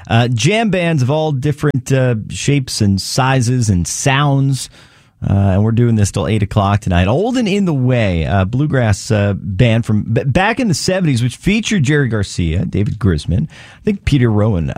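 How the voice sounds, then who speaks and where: A male radio DJ talks casually between songs, his pitch rising and falling freely. He stumbles and restarts often in a relaxed, unscripted way. The studio sound is close and dry. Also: no echo. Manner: loose and chatty, many fillers and restarts.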